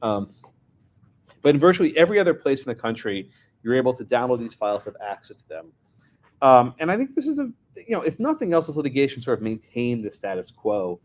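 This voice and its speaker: A man's voice: medium pitch, very animated, a little fast. A man from New York, a lawyer giving a talk, telling anecdotes with wry asides. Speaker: lawyer and guest speaker. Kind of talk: lecture with storytelling.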